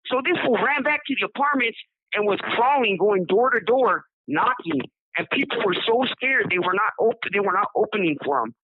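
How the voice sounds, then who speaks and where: A man's voice: high voice, lively intonation, moderate pace, slight background noise. A man from Southern California telling his own story in a rambling, casual way, repeating words and acting out what people said. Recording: dry tinny phone line.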